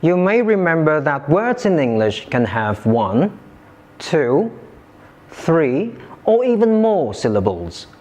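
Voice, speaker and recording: A man teaching English pronunciation in a scripted lesson, enunciating slowly and carefully and modelling words for listeners to repeat. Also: fairly high pitch, very animated, a little mellow.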